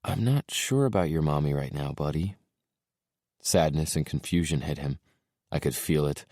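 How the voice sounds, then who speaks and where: A man narrating an audiobook in a soft, subdued way, dropping his voice low for tender moments. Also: lively intonation, normal speed, dry recording, clean studio sound.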